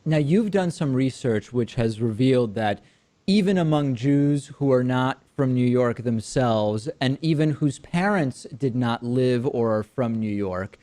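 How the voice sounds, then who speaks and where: A man hosting an interview show, asking measured questions with frequent fillers and repeated words. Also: medium pitch, mellow. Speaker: talk show host.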